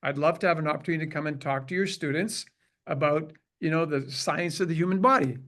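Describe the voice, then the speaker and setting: A man from Canada in his sixties, speaking in a slightly high voice for a man. He tells a personal story with animation and acts out the voices of the people in it. It sounds like an interview guest recalling his student days. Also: quick pace. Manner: animated storyteller who acts out quoted dialogue. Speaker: chiropractor guest.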